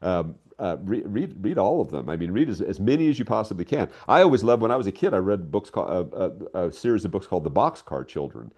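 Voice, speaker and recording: A man's voice: sits low, quick pace, hardly any pauses, slightly rough. An older man speaking as a guest writer in a casual interview, telling stories with enthusiasm. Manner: enthusiastic, animated storytelling.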